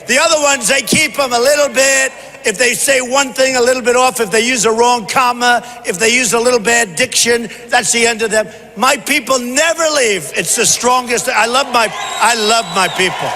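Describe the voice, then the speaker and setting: A man giving a campaign rally speech in a large convention hall, punchy and repetitive, often shouting. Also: extremely high pitch, normal speed, some chatter behind. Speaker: presidential candidate. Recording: long hall reverb, faint noise.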